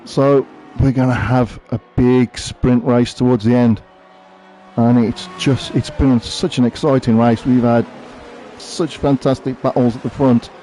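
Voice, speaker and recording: A man's voice: mid-range voice, warm tone. Chatty man commentating a sim race. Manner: chatty, thinks aloud while watching. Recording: faint background noise.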